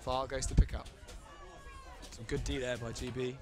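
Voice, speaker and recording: A man giving live play-by-play commentary on a match, chatty and quick to get excited. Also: mid-range voice, crowd noise. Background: loud music.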